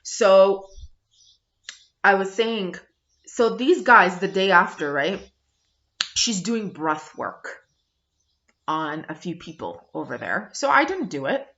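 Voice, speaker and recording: A woman's voice: medium pitch, sing-song, slow, pauses often, fairly bright tone. A woman vlogger ranting bluntly to camera, emphatic and full of swearing, on a dull lo-fi recording. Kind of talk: angry review rant to camera. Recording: dull lo-fi sound.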